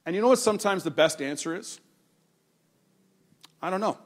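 A man preaches with earnest warmth of conviction, recounting a personal encounter in easy conversational speech. His voice sits a little high for a man, and he draws out key words to drive a point home. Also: lively intonation. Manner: earnest, conversational storytelling, slows down for emphasis. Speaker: pastor. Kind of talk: sermon-style personal story and exhortation.

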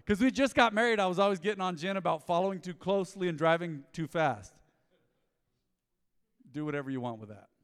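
Pastor, male, somewhat high voice, animated storyteller preaching in a big reverberant sanctuary. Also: a little fast, clean tone. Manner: storytelling, animated, acts out dialogue. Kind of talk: sermon. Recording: long hall reverb.

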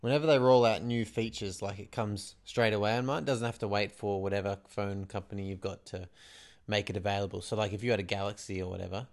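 A man's voice: lowish voice, steady tone, fast talker, few pauses. Enthusiastic young man chatting casually. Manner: enthusiastic, rambling with fillers. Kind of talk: casual chat.

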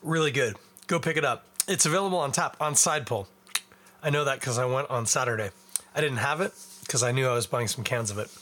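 A young man with a Canadian accent and a bright, forward tone talks at a middling pitch. He hosts a podcast alone and chats in a loose, rambling way, poking fun at himself as he goes. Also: a little fast. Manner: rambling, self-deprecating, chatty while eating and drinking. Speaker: podcast host. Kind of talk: casual solo podcast chat.

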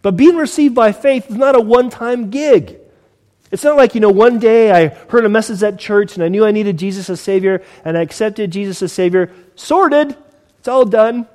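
A man's voice: high voice, brisk, darkish tone. A man preaching a conversational sermon as pastor, acting out little scenes in different voices. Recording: long hall reverb.

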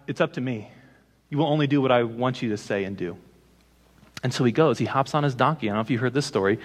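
A man preaching a sermon as a pastor, retelling a scripture story with lively, emphatic delivery. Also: mid-range voice, in a large hall.

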